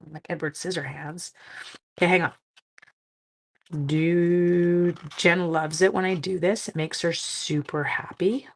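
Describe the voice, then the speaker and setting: A middle-aged woman hosts a live stream as she crafts, her voice slightly hoarse and cracking at moments. She chats with her viewers casually, with plenty of self-mocking humor. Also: on the low side, steady tone, measured pace, pauses often. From Canada. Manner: chatty, self-mocking, talks to viewers while working. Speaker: papercraft live-stream host.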